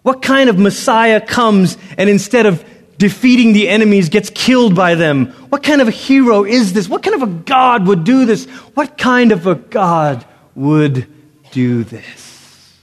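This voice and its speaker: Pastor guy preaching in a big echoey church, kinda high voice, goes loud then quiet. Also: measured pace. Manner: animated preaching, swinging from loud to hushed. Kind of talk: sermon. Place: church sanctuary. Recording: long reverb of a large hall.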